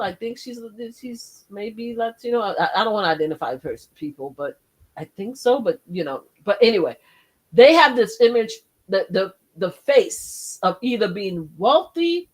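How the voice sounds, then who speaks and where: An older woman, a grandmother, hosts her own channel with casual chat. She's animated and laughs often, swinging between exclamations and low asides.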